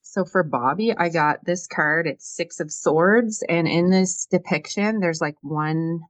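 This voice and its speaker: Low-voiced woman reading tarot cards. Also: unhurried, dry recording, poor audio. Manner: musing, many fillers. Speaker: tarot reader co-host. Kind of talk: casual tarot reading chat.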